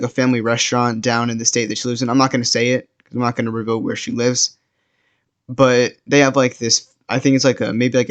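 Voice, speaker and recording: A man's voice: mid-range voice, highs cut off. Rambling teenage guy telling a story. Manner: rambling, full of fillers and restarts. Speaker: storytime vlogger. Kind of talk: casual storytelling.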